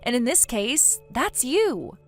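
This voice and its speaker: A woman voicing a blunt female friend who lectures a cheater in a text story, in a somewhat high voice. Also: very animated, slow, soft background music, full character voice. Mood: stern.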